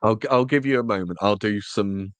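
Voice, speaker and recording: A man's voice: fairly low pitch, a little fast, a bit bright, no room sound. A man co-hosting a casual review podcast, chatty and jokey, with frequent restarts. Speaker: podcast co-host. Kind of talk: casual chat.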